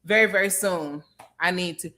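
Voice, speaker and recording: A woman's voice: lowish voice, normal speed, a crowd in the background. A woman from California co-hosting a live show, playfully exasperated and laughing in casual banter. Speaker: co-host.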